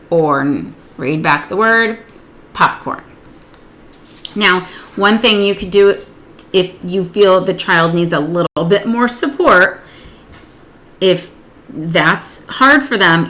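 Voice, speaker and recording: A woman with a rather low voice that still sounds bright and crisp walks through a spelling lesson. She explains each step patiently and stretches words out slowly to sound them into syllables. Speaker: literacy tutor. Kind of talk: instructional demonstration.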